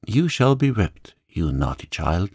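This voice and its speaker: A man voicing a severe, stately headmistress in a calm storybook reading. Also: fairly low pitch, moderate pace, gravelly, no room sound, clean studio sound, exaggerated voice. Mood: stern. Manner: stern and stately.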